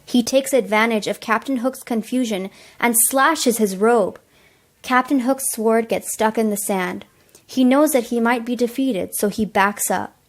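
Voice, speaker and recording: A woman's voice: a little high, unhurried. A teenage girl reading plain storybook narration for a school play. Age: teens.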